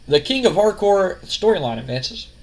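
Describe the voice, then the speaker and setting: A man's voice: high voice, very animated, moderate pace, vocal fry. Rambling man narrating a game. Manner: rambling, full of fillers and restarts. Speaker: gaming channel host. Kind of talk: casual let's-play commentary.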